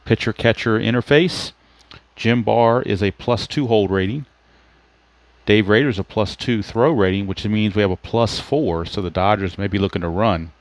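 A man's voice: fairly low pitch, normal speed, no room sound. A man narrating play-by-play for a tabletop baseball replay, steadily explaining ratings and dice rolls as he goes. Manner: steady explanatory play-by-play, thinks aloud about rules. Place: home setup at a computer.

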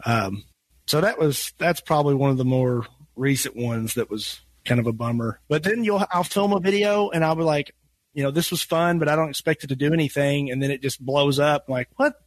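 A man's voice: fairly high pitch, a little fast. Easygoing man with a Western Kentucky accent. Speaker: guest, gun YouTuber. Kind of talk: casual podcast chat.

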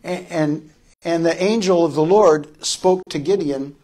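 A man preaching a sermon as pastor, his voice sitting a little high for a man. He takes his time, leaving space between phrases. He repeats lines for emphasis and swings from loud calls to soft, tender words. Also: unhurried.

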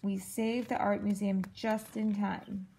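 A woman voicing a calm, capable cartoon friend while reading a picture book aloud, in a steady delivery. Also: medium pitch, slow pace, gravelly, slight background noise. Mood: helpful.

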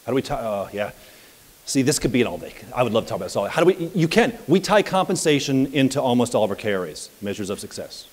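A man coaching at a live seminar, telling anecdotes in an energetic, conversational way. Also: medium pitch, quick pace, long reverb tail. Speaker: property management business coach. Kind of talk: live seminar talk with audience questions.

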